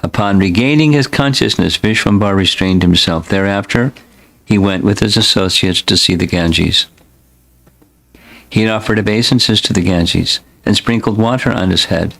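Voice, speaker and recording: A man who is a spiritual teacher, reading scripture aloud in a slow, deliberate, devotional way. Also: sits low, gravelly, fairly bright tone, low-quality recording.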